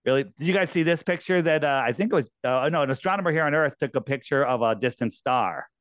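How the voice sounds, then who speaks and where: A man chatting as a podcast guest over a video call, animated and mocking, laughing often. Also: on the high side, fast talker, no room sound, studio quality. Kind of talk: casual podcast chat.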